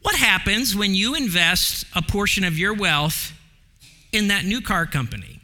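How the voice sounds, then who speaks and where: This pastor delivers his sermon in an animated, unhurried way. His delivery swings widely from excited highs down to hushed lows, with an occasional filler word.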